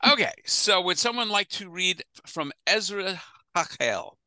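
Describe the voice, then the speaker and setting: Chatty rabbi with a bright, dry voice. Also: male voice, high-pitched, animated, a little slow, no room sound. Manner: chatty, digressive, laughs easily. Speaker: rabbi teaching a class. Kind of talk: casual adult-education lecture. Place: online video call. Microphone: video call.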